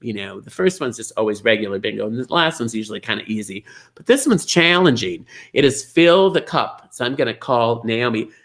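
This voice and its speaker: A middle-aged man hosting a live online bingo show, gushing over viewers' names with sudden high squeals. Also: expressive, fairly quick, a bit bright. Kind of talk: live-streamed chatty greetings to viewers.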